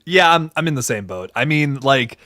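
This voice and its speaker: A man's voice: mid-range voice, lively intonation, moderate pace, bright, forceful tone, dry recording, clean studio sound. A man chatting casually on a livestream in an earnest way, with a lot of "like" fillers. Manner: earnest, filler-heavy, lots of "like".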